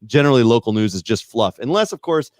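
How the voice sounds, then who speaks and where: A man's voice: medium pitch, very animated, quick pace, no echo, studio quality. A man, a podcast guest, chatting casually in a rambling, self-deprecating way that hedges a lot. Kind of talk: casual chat.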